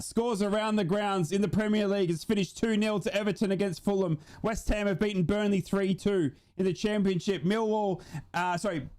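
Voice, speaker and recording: High-voiced for a man and a little mellow, a young fan hosts a live football watch-along, calling the action emotionally and swearing. He addresses his viewers directly the whole time.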